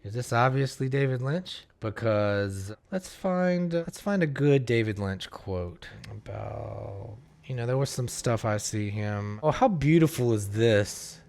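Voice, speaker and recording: Male art streamer, casual and earnest, wears his feelings openly, mid-pitched everyday voice. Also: expressive, measured pace, creaky, darkish tone. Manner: earnest, rambling, emotional, slang-heavy. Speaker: artist streaming a digital painting session. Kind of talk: casual livestream chat.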